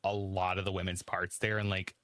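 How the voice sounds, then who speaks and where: A man's voice: low voice, flat delivery, brisk, fairly bright tone, no room sound. A man from Kentucky hosting a podcast, chatting casually and gushing with emphasis. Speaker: podcast host. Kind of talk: casual chat.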